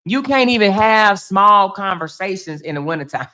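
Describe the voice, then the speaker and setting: Broadcasting from her home, this Chicago blogger reads out her viewers' chat and responds with chatty emphasis, cursing liberally and addressing people as baby and girl. She speaks at a measured pace in a medium-pitched voice that is expressive, bright and forceful.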